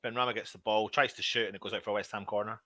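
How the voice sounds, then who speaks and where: Male fan host, running live match commentary, excitable and frustrated, tense bright tone. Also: fairly low pitch, very fast, no room sound. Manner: excitable, shouts at big moments, grumbles at players. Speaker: fan watch-along host. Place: at home.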